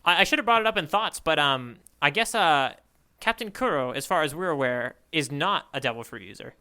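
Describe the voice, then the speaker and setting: A man's voice: on the high side, expressive, brisk, pushed and bright, clean tone. A man co-hosting a podcast, musing aloud in casual chat, trailing off and restarting his thoughts. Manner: rambling, self-interrupting, musing aloud. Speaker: podcast co-host.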